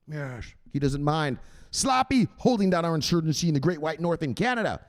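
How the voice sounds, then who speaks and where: A man hosting a crypto channel, chatting excitedly and profanely, who shouts out exclamations and then drops to low mutters. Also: normal speed. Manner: swings between loud bursts and low mutters. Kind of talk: excited unscripted livestream chat.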